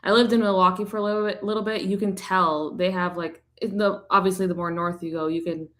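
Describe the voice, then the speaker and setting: A woman's voice: medium pitch, fairly even intonation, a bit bright. Chatty woman from Michigan. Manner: chatty, quick to laugh. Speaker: stream co-host. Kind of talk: casual chat.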